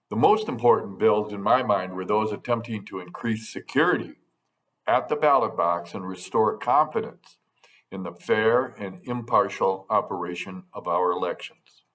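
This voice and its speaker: A middle-aged man with a somewhat low voice gives a prepared update to constituents. His delivery is measured and dry, with a hint of sarcasm now and then. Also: fairly bright tone. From United States. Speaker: state legislator giving an update.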